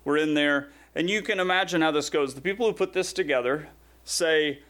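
Middle-aged male preacher, slightly high voice, chatty storyteller who turns solemn for scripture. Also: fairly bright tone. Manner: conversational storytelling, then slow solemn scripture reading. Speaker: pastor. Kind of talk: sermon.

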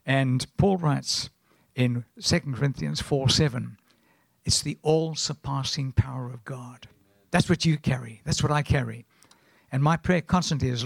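Older south african guy preaching, rambly storyteller, gravelly voice, dry close sound. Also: mid-range voice, moderate pace, dry recording. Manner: rambling, anecdotal, often clears throat. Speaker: guest preacher. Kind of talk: sermon.

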